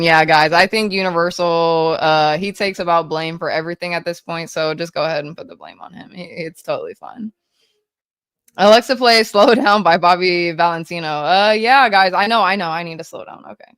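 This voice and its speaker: A woman livestreaming, reading chat messages aloud in a hyper, rapid-fire, casual way with frequent swearing. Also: on the low side, a bit bright, clean tone, dry recording.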